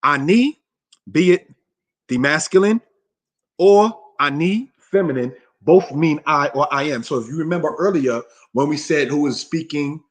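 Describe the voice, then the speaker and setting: Male Hebrew teacher, repetitive, addresses class as brothers and sisters, slows down on vocabulary. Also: fairly high pitch. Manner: says vocabulary slowly and deliberately. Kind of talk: slide-based language lesson.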